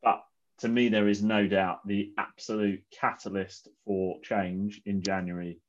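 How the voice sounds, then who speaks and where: A man hosting a casual football podcast, upbeat and gently teasing his co-hosts. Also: fairly low pitch, flat delivery, unhurried, lo-fi sound. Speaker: podcast host.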